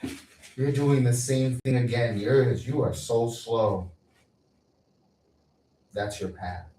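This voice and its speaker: A man's voice: mid-range voice, steady tone, slow pace, dark tone. A man talking as a content creator in a rambling, repetitive mystical monologue that scolds and chants. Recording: roomy echo, far from mic, faint noise.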